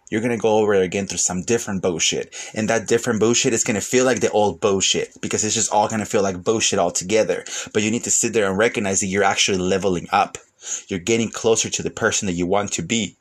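Emotional, rambling man reading tarot. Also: on the low side. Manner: rambling, emotional, swears freely. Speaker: tarot reader. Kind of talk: casual livestream tarot reading. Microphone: phone or webcam.

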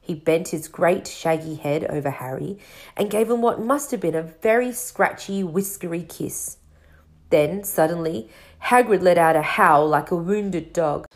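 Brief: woman storybook reader, lowish voice, measured and expressive. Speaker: audiobook reader. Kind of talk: storybook narration.

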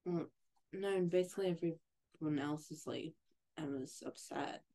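A podcast co-host in a casual book discussion who throws in quick corrections. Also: mid-range voice, mellow.

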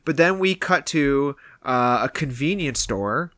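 A podcast co-host in casual movie review chat, retelling scenes in an animated way. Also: mid-range voice, unhurried, no echo.

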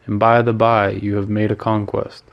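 A man reads a breezy, teasing male painter with a low, fairly flat voice. He sounds worldly and amused, dropping the odd French phrase into an even, unhurried delivery. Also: muffled recording, natural voice.

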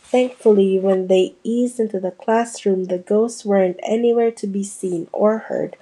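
Mellow woman reading a storybook. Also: mid-range voice, fairly even intonation, unhurried, a little hiss or hum, low-quality recording. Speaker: audiobook reader. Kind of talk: storybook narration.

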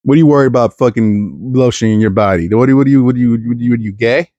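A man's voice: mid-range voice, racing, mellow, no echo, muffled recording. A young man from East Texas talking into a podcast mic in a crude, self-mocking monologue full of stumbling restarts. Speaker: podcast host. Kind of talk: rambling comedic monologue.

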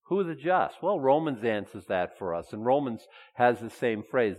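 A man preaching a sermon as pastor, animated, asking his listeners rhetorical questions and adding chuckling asides. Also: mid-range voice, moderate pace, hardly any pauses. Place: church sanctuary. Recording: long hall reverb.

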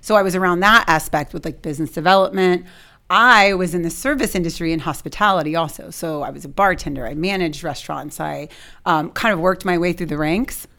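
A woman's voice: fairly low pitch, brisk, vocal fry, bright, forceful tone. A woman guest in an office, chatting in a casual podcast interview, upbeat and laughing often. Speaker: podcast guest, real estate agent.

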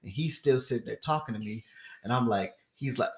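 Animated man telling a wild story. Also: mid-range voice, a little fast. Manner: animated, acts out quoted voices, laughs often. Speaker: podcast co-host. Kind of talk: casual storytelling.

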